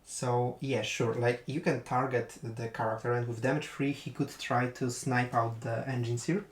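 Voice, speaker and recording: Male commentator, casual post-game chat, mid-pitched and halting, roomy recording. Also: fairly even intonation. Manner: thoughtful, hesitant with fillers, breaks into laughter.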